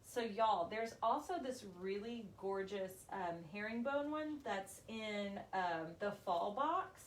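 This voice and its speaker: A woman's voice: mid-range voice, slow, a little hiss or hum. A woman hosting a casual live craft demonstration, chatty and gushing, calling her viewers y'all. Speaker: craft shop owner hosting a live video.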